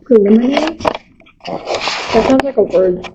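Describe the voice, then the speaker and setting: A woman's voice: on the high side, lively intonation, a little slow. A young woman, a paranormal investigator, chatting in a teasing, playful way while exploring an old house. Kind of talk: casual chat while ghost hunting. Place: large old house, indoors. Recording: echoey, muffled, noisy camera audio.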